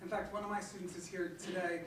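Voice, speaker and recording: A man's voice: high-pitched, little pitch movement, quick pace, a bit bright. A man who teaches theater, talking casually and rambling, often repeating himself. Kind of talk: casual chat. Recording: echoey distant noisy room mic.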